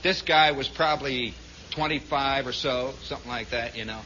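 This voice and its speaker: Bright-voiced rambling radio storyteller man. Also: mid-range voice, moderate pace, slight background noise. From Indiana, US. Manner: rambling, conversational, full of asides. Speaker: radio host. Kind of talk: storytelling monologue. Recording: dull lo-fi 1960s radio broadcast.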